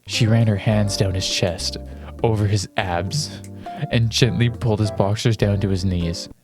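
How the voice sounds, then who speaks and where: Slow, flustered man reading fanfiction aloud. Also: on the low side, fairly even intonation, music in the background. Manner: amused, flustered asides. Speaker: reader.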